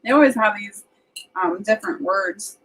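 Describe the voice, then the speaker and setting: A woman's voice: mid-range voice, moderate pace, a bit bright, breathy edge, poor audio. A woman with a Southern US accent, casually chatting on a livestream and reading out viewer comments as she rambles along.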